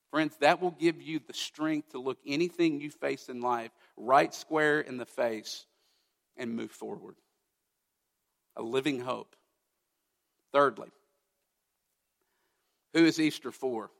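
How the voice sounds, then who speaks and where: A man preaching a sermon, emphatic, asking rhetorical questions and swinging from loud to hushed. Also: a little high, creaky, long reverb tail. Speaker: pastor.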